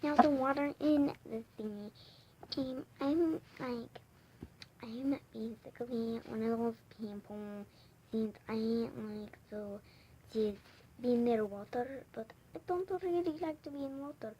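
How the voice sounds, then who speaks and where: A woman's voice: fairly high pitch, measured pace, highs cut off, slight background noise. A woman vlogging in a casual, playful chat, rambling with lots of fillers.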